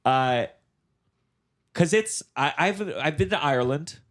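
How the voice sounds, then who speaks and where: A man's voice: fairly high pitch, expressive, a little slow, fairly bright tone. A man hosting a comedy podcast, asking teasing, jokey questions in casual chat.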